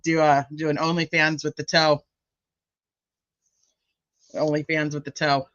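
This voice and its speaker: Woman, livestream host, teasing, profane, bright voice, dry lo-fi sound. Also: sits low, level tone, unhurried, dry recording. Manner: joking, teasing and profane, laughs often. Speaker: true crime livestream host. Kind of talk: casual livestream chat, reading viewer comments.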